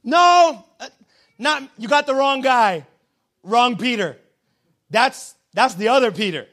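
A man's voice: very high-pitched, expressive, a little slow, a bit bright, full character voice. A man doing a flustered, stammering denier. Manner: stammering, evasive. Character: flustered man denying everything.

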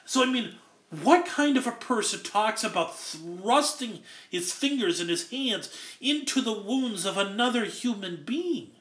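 High, bright-voiced man preaching. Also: animated, moderate pace, echoey room. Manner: earnest, explains Greek word by word. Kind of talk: expository sermon.

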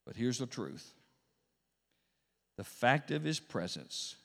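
A man preaching a Pentecostal sermon, swinging between hushed, slow passages and loud, rising emphasis, repeating phrases for effect. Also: mid-range voice, big pitch swings. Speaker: pastor. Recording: long reverb of a large hall.

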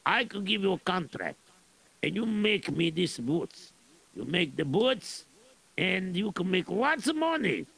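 A greedy general with a very gravelly voice, chuckling as he schemes, as a man puts him on. His pitch swings widely as he bargains in broken grammar. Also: very animated, measured pace, fairly bright tone, heavily acted. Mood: scheming. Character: greedy blustering male Russian general.

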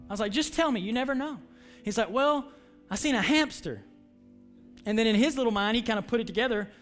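A middle-aged male pastor preaching, moving from prayer into a conversational story told with frequent restarts. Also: sits high. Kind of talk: sermon.

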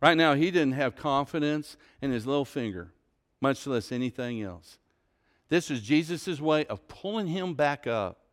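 A man preaching a sermon, telling a story with big swings from loud to hushed. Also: medium pitch, animated, a little slow. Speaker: pastor.

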